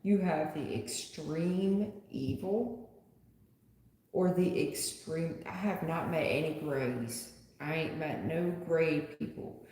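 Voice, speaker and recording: A woman's voice: sits low, slow pace, warm tone, a little hiss or hum. A woman tarot reader chatting bluntly with viewers on a live stream. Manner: blunt, chatty, talks straight to the chat. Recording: echoey room with long reverb.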